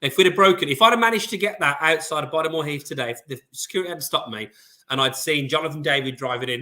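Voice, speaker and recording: A man's voice: a little high, fast, pushed and bright. A man with a Midlands accent co-hosting a casual football podcast, bantering and chiming in with short agreeing replies. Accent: English Midlands. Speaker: podcast co-host.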